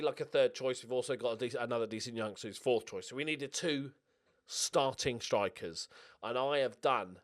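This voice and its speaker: Chatty man commentating a sports sim. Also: mid-range voice. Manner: chatty, jokey, excitable, swears casually. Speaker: gaming channel host. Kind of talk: casual let's-play commentary.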